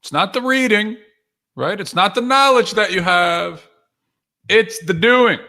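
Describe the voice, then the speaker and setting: A man hosting a live stream for his book launch, talking to viewers in an energetic, upbeat way with lots of fillers and restarts and reading out their comments. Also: high-pitched, moderate pace. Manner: reads out viewer comments and greets them by name. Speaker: author and livestream host. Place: home or office with books behind him.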